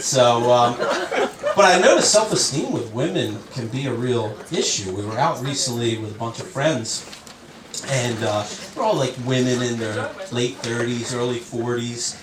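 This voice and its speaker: A man's voice: medium pitch, far from the mic. A man doing a stand-up comedy set on a club stage, telling stories conversationally and acting out the people he quotes. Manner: conversational storytelling, acts out quotes. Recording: roomy club sound from off-mic. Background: audience laughter.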